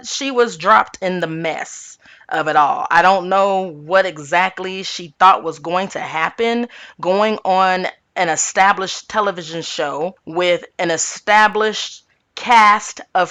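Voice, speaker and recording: Bright-voiced sassy woman recapping gossip. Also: medium pitch. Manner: sassy, chatty, peppers talk with "okay"; speaks informally on her channel, by her own account. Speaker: tarot channel host. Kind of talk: casual gossip recap monologue.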